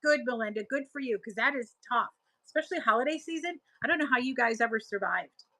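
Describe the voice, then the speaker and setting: A woman's voice: on the high side, expressive, fast talker, pushed and bright, poor audio. A woman in her thirties hosting a live selling stream, chatting casually and laughing as she answers viewers' comments.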